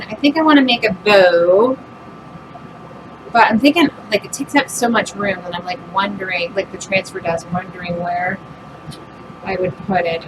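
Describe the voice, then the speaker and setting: A middle-aged woman chatting casually as she demonstrates a craft project, working with her hands and making self-deprecating asides. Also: medium pitch. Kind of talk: casual craft demo chat. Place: home with a loud furnace. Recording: noisy home recording, furnace hum.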